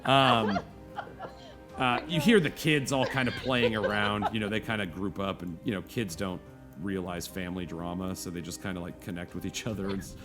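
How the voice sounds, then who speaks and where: A man with a lowish voice narrates a tabletop game as its game master. He talks in loose, rambling bursts full of fillers and restarts. Soft music plays faintly behind him. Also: steady tone, moderate pace. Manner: rambling, full of fillers, jumps into high squeaky voices for children.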